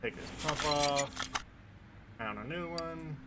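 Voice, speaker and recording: A man casually commenting while playing a game, relaxed and rambling with playful asides. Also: on the high side, takes it slowly, very noisy. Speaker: gaming video host.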